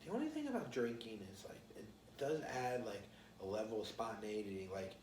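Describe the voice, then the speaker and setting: A podcast co-host in casual chat, lively and playful, swearing freely. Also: mid-range voice, a little fast, a little hiss or hum. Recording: roomy, slightly distant mic.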